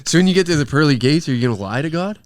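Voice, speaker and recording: A man's voice: on the high side, animated, rapid-fire, noisy background. A man, a comedian guest on a podcast, joking crudely and swearing in casual banter. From Canada.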